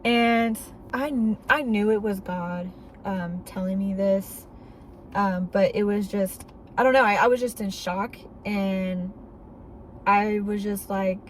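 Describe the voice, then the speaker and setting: A woman at a mid pitch tells her own faith story in a vlog, earnest and candid. She talks casually, with the odd filler. Faint ambient noise sits behind her voice. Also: takes it slowly, poor audio. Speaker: faith vlogger. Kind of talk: personal testimony storytelling.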